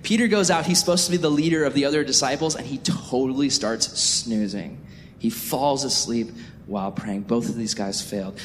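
A young man giving a youth sermon as a youth pastor, jokey and animated, acting out the people in his stories. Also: normal speed. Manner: animated, jokey storytelling with acted-out voices. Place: church sanctuary. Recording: echoey hall with faint rumble.

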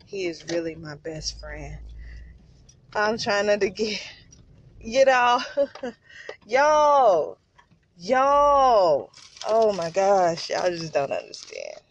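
Slow, emotional woman podcaster. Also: mid-range voice, lively intonation. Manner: effusive, repeats herself, calls out to listeners. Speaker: podcast host. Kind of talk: emotional faith talk. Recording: slightly dull podcast audio, faint room noise.

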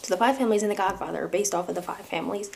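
A woman's voice: mid-range voice, very fast, creaky, slight background noise. A young woman with a New York accent hosting a casual podcast, chatting about a book and its film with asides to her listeners. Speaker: podcast host.

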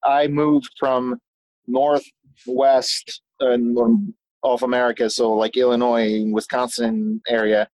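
A man telling stories as a guest in a casual conversation, animated and talkative, often restarting his sentences. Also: medium pitch, slow pace, slight background noise, rough recording. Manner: swears casually. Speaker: guest, business owner.

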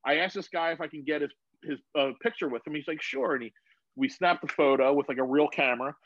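A man chats over a video call from his phone, rambling through a story and swearing freely. His voice sits a little high and sounds dry and close. The audio is slightly dull. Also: fast, no room sound. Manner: rambling, swears freely, animated when retelling. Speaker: guest.

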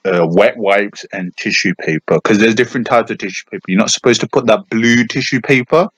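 A young man, chatting on a podcast in a rambling, animated way, full of fillers and restarts. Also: fairly low pitch, brisk, slightly rough, no room sound, muffled recording. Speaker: podcast co-host. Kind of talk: casual chat.

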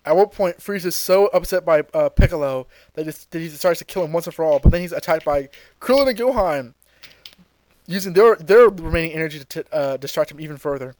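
A man co-hosting a podcast, casually retelling a fight scene with lots of fillers and quick acted-out lines. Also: a little high, a little mellow, no room sound. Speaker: podcast co-host. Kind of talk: casual episode recap.

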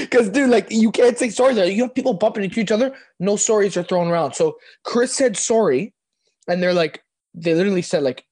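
A young man from Canada telling a podcast host about a football trip, excitable and laughing often, repeating himself as he goes. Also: high voice, moderate pace, no echo. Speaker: podcast guest. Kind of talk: casual sports chat.

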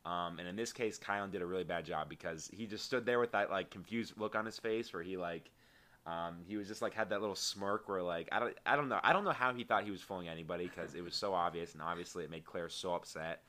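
A man co-hosting a casual recap podcast, talking quickly in a lowish, bright voice. He rambles on eagerly, piling up his thoughts. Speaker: podcast co-host. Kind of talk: casual reality-show recap chat.

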